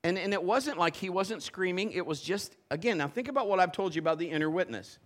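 A male pastor preaching a sermon at a church service, telling a personal story in an animated way and acting out the voices of the people in it. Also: high voice, fast talker.

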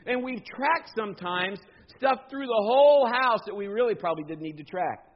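A man's voice: high voice, animated, moderate pace, lo-fi sound. A man preaching a sermon to his congregation in a folksy, conversational way, asking them questions. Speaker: pastor.

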